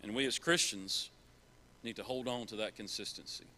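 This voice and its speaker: Bright-voiced man preaching earnestly. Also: on the low side, normal speed. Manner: earnest, repeats key phrases for emphasis. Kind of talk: sermon. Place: church.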